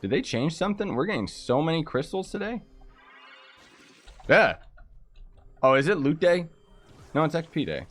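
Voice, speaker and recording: A man chatting casually during a live game stream, ranting in frustration and breaking into quick exclamations. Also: fairly high pitch, very animated, soft background music. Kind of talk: casual live-stream chat while gaming.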